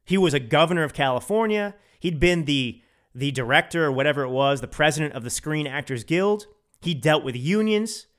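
A man's voice: a little high, expressive, a little fast, fairly bright tone. A man hosting a podcast and delivering solo political commentary in an emphatic, opinionated way, repeating phrases for stress. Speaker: podcast host.

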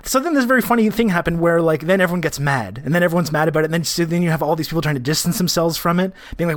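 A man's voice: a little high, fast talker, few pauses, no room sound, clean studio sound. A man co-hosting a podcast, talking casually in a wry, rambling way with many restarts. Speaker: podcast co-host.

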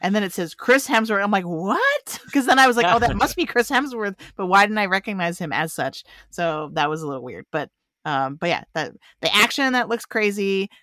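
A woman with a fairly low voice hosts a casual film podcast chat. She is upbeat, laughs often and keeps the talk moving. The sound is close and dry, with no room around it. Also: lively intonation, brisk, bright, forceful tone, no room sound. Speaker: podcast host.

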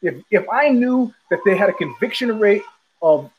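A man's voice: sits high, animated, normal speed, muffled recording, slight background noise. A man hosting a podcast, telling a casual rambling story with many restarts and repetitions. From United States. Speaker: podcast host.

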